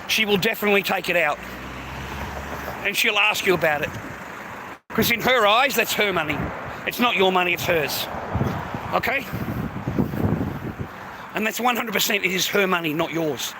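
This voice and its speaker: A man's voice: sits high, lively intonation, moderate pace, long pauses, background noise. A middle-aged man giving coarse, swearing, emphatic advice to other men in a blunt monologue.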